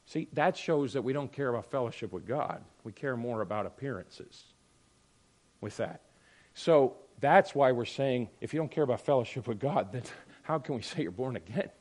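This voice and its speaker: A man pastor giving a conversational sermon, swinging between loud emphasis and quiet asides. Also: mid-range voice, animated, moderate pace.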